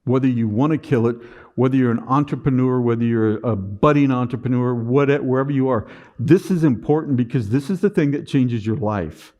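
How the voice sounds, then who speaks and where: A man's voice: medium pitch, brisk, dark tone, muffled recording. A man giving a motivational talk at a conference with a sarcastic, dry sense of humor, often repeating words as he starts a sentence. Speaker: conference speaker. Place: conference stage.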